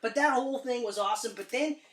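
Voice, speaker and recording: A woman co-hosting a casual film review podcast, excitable and profane, acting out scenes as she goes. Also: a little high, fast talker. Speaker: podcast co-host. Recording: roomy, distant mic.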